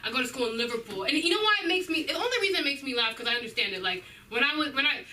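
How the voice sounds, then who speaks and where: A woman's voice: high voice, expressive, racing, bright, forceful tone. A young woman doing awkward, giggly, chatty stand-up at an open mic night. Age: young adult. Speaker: stand-up comic. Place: comedy club stage. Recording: distant, noisy club recording.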